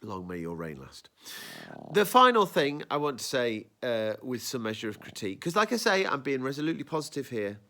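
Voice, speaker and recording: Male podcast host, lively, rambling, talks over himself. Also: medium pitch, quick pace, hardly any pauses. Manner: animated, rambling, self-interrupting. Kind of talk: casual review chat.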